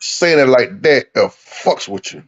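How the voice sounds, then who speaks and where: A man telling a prison story in a casual chat, animated and profane, laughing as he talks. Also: medium pitch, unhurried. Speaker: podcast co-host telling a story. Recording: dull lo-fi recording.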